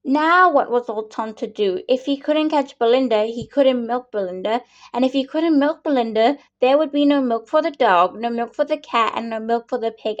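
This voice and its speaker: A woman reading a children's picture book aloud, slowly and patiently, with small slips and restarts. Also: on the high side. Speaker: storyteller. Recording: dull lo-fi recording.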